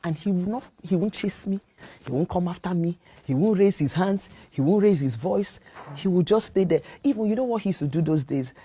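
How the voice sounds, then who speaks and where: A woman with a husky, mellow voice talks earnestly on a faith talk show. She speaks in a lowish register and shares personal stories openly. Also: expressive, fairly quick. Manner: earnest, laughs while recounting.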